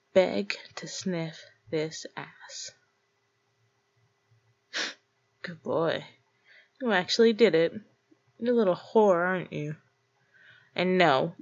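Brief: woman, low gravelly voice, unhurried taunting audio role-play, dull lo-fi recording. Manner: mocking, teasing and domineering.

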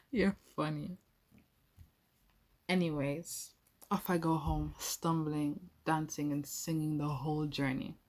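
A woman's voice: low-pitched, little pitch movement, measured pace, a little mellow. A young adult woman telling an intimate first-person role-play story, playful and speaking straight to the listener.

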